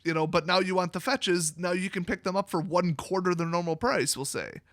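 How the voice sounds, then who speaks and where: A man's voice: sits high, fairly quick, a bit bright, no room sound, clean studio sound. Blunt, sarcastic young man from Wisconsin. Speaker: card game video host. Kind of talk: opinionated solo commentary.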